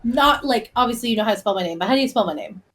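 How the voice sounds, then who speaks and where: A woman's voice: fairly high pitch, lively intonation, a bit bright. Young woman teacher on a podcast, chatty, laughs a lot, casual banter. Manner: chatty, quick asides, laughs often. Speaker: podcast co-host. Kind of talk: casual chat.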